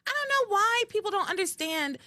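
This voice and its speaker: A woman co-hosting a podcast, recapping episodes in animated casual chat and acting out quoted lines. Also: very high-pitched, a little fast, dry recording, studio quality. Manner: animated, recounting with quoted voices. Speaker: podcast co-host.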